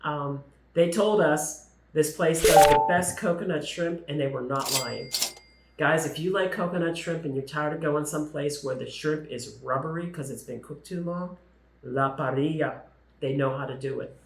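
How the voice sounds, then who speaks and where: A man's voice: fairly high pitch, normal speed, echoey room, low-quality recording. A man co-hosting a travel vlog, chatting eagerly about food and atmosphere, listing things as he goes. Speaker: co-host. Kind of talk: casual chat reviewing restaurants.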